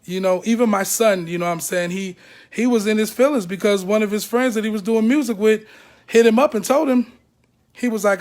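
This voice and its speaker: A man's voice: sits high, normal speed. A man speaking to camera, emotional and blunt, animating the people he talks about. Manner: animated, acts out other people's words; blunt and profane. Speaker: ex-member speaking out.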